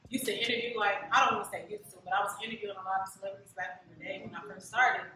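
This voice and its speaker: A woman's voice: medium pitch, fairly even intonation, rapid-fire, far from the mic, noisy background. Enthusiastic woman host in an echoey room. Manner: enthusiastic, affirming. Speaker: podcast host. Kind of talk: casual interview conversation.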